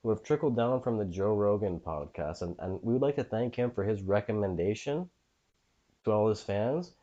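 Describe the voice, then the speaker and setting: A man trades crude jokes and teasing in loose podcast banter. His voice is dark and mellow, pitched a little low. The recording has a dull, lo-fi sound. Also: normal speed. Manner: joking, crude, teasing, full of "dude". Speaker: podcast co-host. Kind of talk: casual comedic chat.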